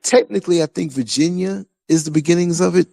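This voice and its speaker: New York man, podcast host, raspy gravelly voice, chatty and rambling. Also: on the high side, fairly quick. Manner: animated, loose and chatty, many restarts. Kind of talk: casual conversation.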